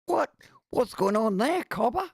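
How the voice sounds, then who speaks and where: A man's voice: very high-pitched, very animated, a little slow, vocal fry, breathy edge, no echo, studio quality, pitched above the performer's own voice, exaggerated voice. A man voicing a rowdy male emu in a mock Australian accent, jokey and put on. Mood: cheeky.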